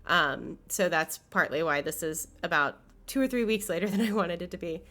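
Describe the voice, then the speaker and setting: A young woman's fairly low, bright, forceful voice carries a scripted video essay at moderate speed. She is sick, so she sounds nasal and congested, but her delivery is earnest and enthusiastic with some fillers.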